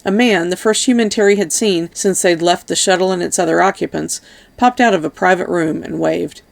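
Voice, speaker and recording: A woman reading an audiobook in a steady, even narration. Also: fairly low pitch, brisk, vocal fry. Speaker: audiobook reader.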